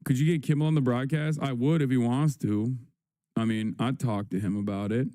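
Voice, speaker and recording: A man hosting a livestream, chatting casually and sarcastically, reading headlines slowly between many fillers. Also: mid-range voice, fairly even intonation, mellow, no room sound. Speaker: livestream host.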